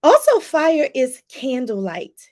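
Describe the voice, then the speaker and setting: A woman life coach talking casually to her viewers in a live stream, chatty and lively, laughing often and calling them "y'all". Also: slow. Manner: lively, pitch jumps up for emphasis.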